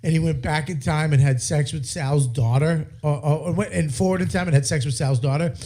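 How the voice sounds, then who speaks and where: A man's voice: fairly high pitch, brisk. A man hosting a comedy podcast, telling stories with lots of laughter and bursts of silly put-on voices. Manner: animated storyteller, laughs often, jumps into silly put-on voices. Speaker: podcast host. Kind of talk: casual comedy banter.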